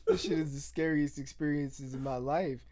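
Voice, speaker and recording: A man's voice: fairly high pitch, fairly even intonation, moderate pace, a little mellow. A young man in casual podcast chat, talking bluntly and crudely and laughing along.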